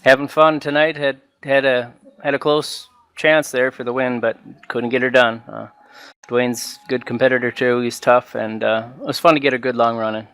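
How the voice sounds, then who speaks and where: Halting American driver, smooth voice. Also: male voice, mid-range voice, little pitch movement, fairly bright tone. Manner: halting, many fillers. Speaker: runner-up driver.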